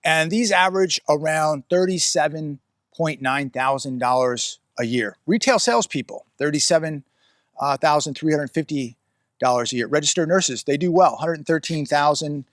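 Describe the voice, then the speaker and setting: A man's voice: on the high side, normal speed, a bit bright, no room sound, clean studio sound. Blunt rambling man talking outdoors. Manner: rambling, blunt, talks to his dog mid-thought. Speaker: vlogger. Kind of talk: casual outdoor commentary. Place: outdoors on a rural ranch. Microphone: phone or camera he adjusts himself.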